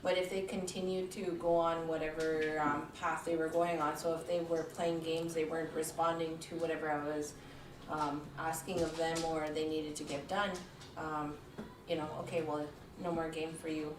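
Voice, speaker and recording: A woman's voice: low-pitched, level tone, moderate pace. A woman, a mother, casually talking about disciplining her kids, with hesitant fillers. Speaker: mother in a large family. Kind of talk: casual talk show conversation. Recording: roomy and distant with noise.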